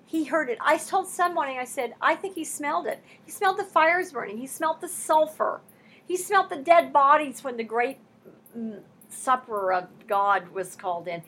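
A woman's voice: high-pitched, moderate pace, a bit bright. A woman teaching a sermon on scripture, impassioned and emphatic, mixing conversational asides with rising bursts. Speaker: Bible teacher.

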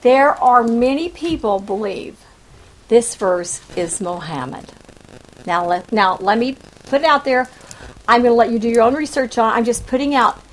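High-voiced woman teaching scripture emphatically. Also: rough recording. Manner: animated, emphatic, with sudden loud rises and soft drops; conversational asides and rhetorical questions. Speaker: Bible teacher. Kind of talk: expository Bible teaching.

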